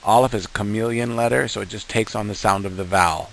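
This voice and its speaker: A man teaching beginners, patient and slow, sounding out each syllable and repeating words for the learner to copy. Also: lowish voice, creaky, a bit bright, a little hiss or hum, rough recording. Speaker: Hebrew teacher. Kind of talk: beginner language lesson.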